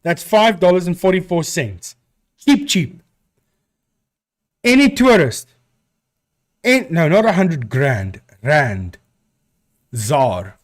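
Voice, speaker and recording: A man's voice: a little high, big pitch swings, slow pace, long pauses. A man from South Africa with a South African accent, a live stream host chatting casually and answering viewers with rambling restarts.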